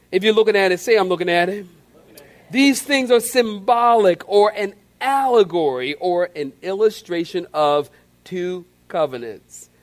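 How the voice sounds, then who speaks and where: A man with a high, light voice preaches a sermon from the pulpit. He is animated and acts out the scenes, and he calls on the congregation to answer back. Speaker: pastor.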